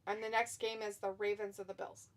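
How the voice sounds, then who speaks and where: A woman's voice: mid-range voice, level tone, brisk. A woman hosting a live wrestling watch-along, chatty and giggly, reading chat messages aloud. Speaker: stream host. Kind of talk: casual watch-along commentary.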